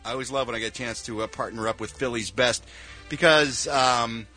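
A man's voice: mid-range voice, fairly quick, bright, forceful tone, faint music behind. A man from Philadelphia, a regular on a radio morning show, doing a playful live read and hamming up his hometown accent. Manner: playful, hams up a Philly accent for laughs.

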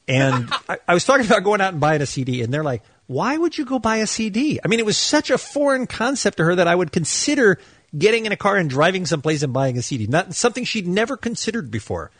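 A man hosting a morning radio show from a studio, chatty and brisk as he interviews his guests. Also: sits high, big pitch swings, fairly bright tone, slightly rough, dry recording. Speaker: radio host.

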